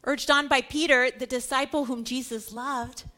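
An animated woman teaching scripture with a slightly high voice. She talks emphatically, repeats words for stress, and acts out the quoted lines. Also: moderate pace. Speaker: Bible teacher.

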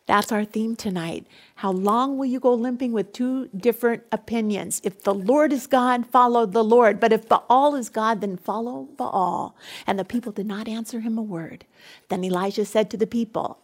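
A woman preaching a sermon, telling a scripture story with dramatic flair. She drops to a hush in one passage and rises to an emphatic, loud voice in the next. Her voice sits a little high. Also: moderate pace.

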